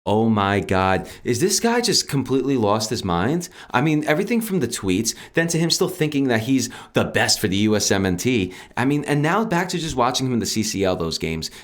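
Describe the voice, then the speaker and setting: A man co-hosting a casual sports podcast, ranting in an animated, exasperated way with big jumps in pitch. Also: fairly quick, hardly any pauses. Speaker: podcast co-host.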